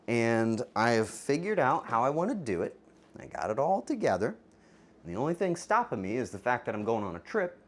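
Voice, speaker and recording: Animated, teasing male streamer. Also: mid-range voice. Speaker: streamer, cooking show host. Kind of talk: live stream chat.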